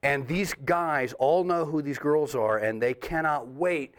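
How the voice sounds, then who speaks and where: A middle-aged man, a comedian guest, telling a stand-up story with lively acted-out voices and frequent laughs. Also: on the high side, measured pace, smooth. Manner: animated storyteller, acts out voices, laughs often.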